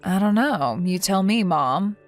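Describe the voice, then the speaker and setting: Text-message story: a woman playing a caring, outspoken young woman, firm and reassuring, mid pitch. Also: lively intonation, a little slow, soft background music, lightly acted.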